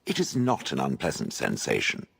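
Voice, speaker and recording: Posh stone golem talkin down to everyone, real deep husky voice, swings up and down a lot. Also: male voice, wildly swooping pitch, moderate pace, fairly bright tone, full character voice. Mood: haughty. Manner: posh, refers to others as "it". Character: haughty male stone golem, aloof and dry. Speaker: game character. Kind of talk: voiced game dialogue.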